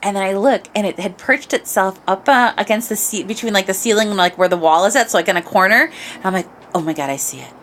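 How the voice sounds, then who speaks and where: A woman podcast host telling a casual anecdote into a microphone, animated and expressive, dropping to low mutters and rising to shrieks. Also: quick pace, slight background noise.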